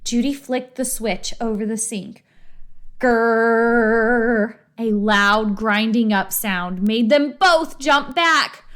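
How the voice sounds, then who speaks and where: A woman reading a children's book aloud in an expressive, animated storytelling manner. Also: on the high side, takes it slowly, few pauses.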